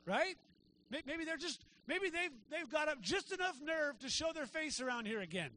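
High-voiced conversational male preacher. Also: big pitch swings, normal speed, pushed and bright, a little hiss or hum. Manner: conversational preaching with frequent "right?" asides. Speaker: pastor. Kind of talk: sermon. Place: church sanctuary.

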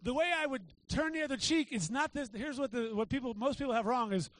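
A man preaching a sermon to his church, talking in a casual way and checking in with the congregation with quick asides. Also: very high voice, fairly bright tone, no echo. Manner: conversational preaching with frequent "right?" asides. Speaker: pastor. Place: church sanctuary.

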